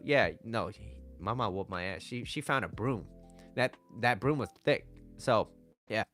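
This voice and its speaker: A man's voice: mid-range voice, normal speed, faint music behind. A man coaching on dating over slides, casual and joking as he talks. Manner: joking and animated.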